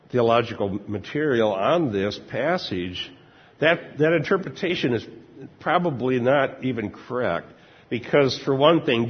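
An older man preaching a conversational sermon with a husky voice, informal and chuckling often. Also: medium pitch. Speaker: pastor. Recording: dull lo-fi recording, long church reverb.

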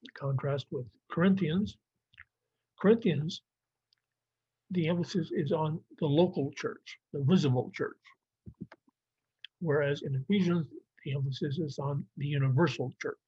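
A man's voice: fairly high pitch, normal speed, mellow, breathy edge, no echo. A man teaching a Bible survey lesson, explaining plainly with some fillers and restarts. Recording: dry, muffled lo-fi recording.

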